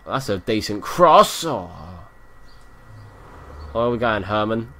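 Man, gameplay commentary, lively swooping pitch, bright tone, excitable, swears constantly. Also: takes it slowly. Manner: excitable, swears a lot, yells at the game. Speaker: gaming YouTuber.

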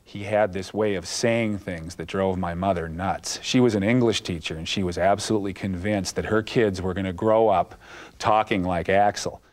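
A man's voice: low-pitched, fairly even intonation, moderate pace. A man in an interview, fondly recalling a childhood TV show through anecdotes. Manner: fond, anecdotal. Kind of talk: reminiscing interview.

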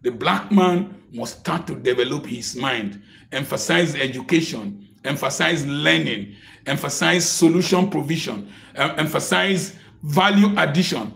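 A middle-aged man preaching a sermon, impassioned and full of rhetorical questions, sometimes breaking into shouts. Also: on the high side, lively intonation, unhurried, vocal fry. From Africa.

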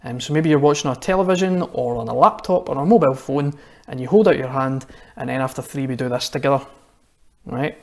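A man's voice: medium pitch, quick pace, a little mellow. A Scottish man talks straight to children watching at home. His children's address is chatty and friendly, full of little asides and questions. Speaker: church minister. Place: church, online service.

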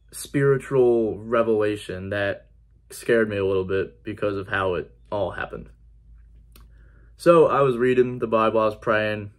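A man giving an earnest personal faith testimony in a conversational vlog style, repeating key phrases for emphasis. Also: lowish voice. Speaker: faith vlogger.

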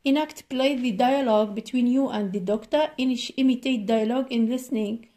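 A woman teaching a children's English lesson, reading short dialogues slowly and repeating each phrase, with quick asides in Arabic. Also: on the high side, steady tone, warm tone. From Tunisia. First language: Tunisian Arabic.

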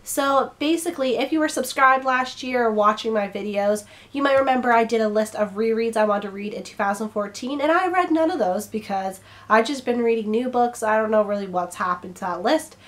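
A woman's voice: a little high, a little fast, few pauses. A young woman chatting casually to camera as a book vlogger, her throat a little strained, rambling and now and then stumbling over her words.

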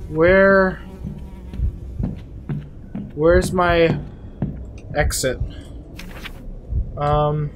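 A man's voice: fairly high pitch, measured pace, pauses often, background noise. A man playing a horror game and commentating, muttering to himself and swearing when he gets startled. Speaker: gameplay YouTuber.

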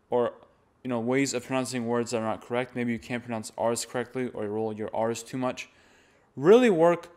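A young man giving an instructional talk on chanting, stopping now and then to demonstrate. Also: mid-range voice. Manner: demonstrates by reading and chanting examples. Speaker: chant teacher.

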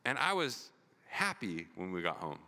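A man's voice: deep voice, big pitch swings, moderate pace, pushed and bright. A man preaching a sermon as pastor, telling stories with acted-out dialogue and asking the congregation "right?". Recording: long hall reverb.

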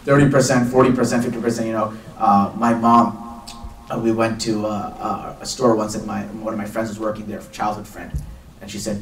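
A man giving a live religious lecture to an audience, telling chatty stories with quick asides. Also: fairly low pitch, little pitch movement, slight background noise. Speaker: Islamic teacher. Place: lecture hall before an audience. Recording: echoey room, mic far off.

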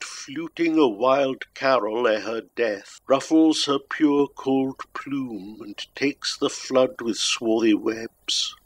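A man giving a slow, solemn reading of a narrative poem, measured and grave. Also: mid-range voice. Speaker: poetry reader. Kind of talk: slow dramatic poetry reading.

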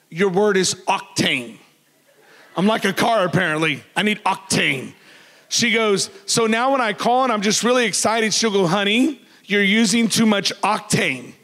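Loud, animated pastor in a church hall. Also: male voice, high-pitched. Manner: loud, animated, joking with the congregation. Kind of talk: sermon.

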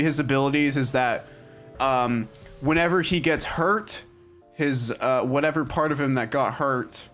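A man's voice: mid-range voice, a bit bright. A young man chatting casually on a livestream, rambling with lots of "like" and "um" fillers. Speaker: streamer. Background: faint music.

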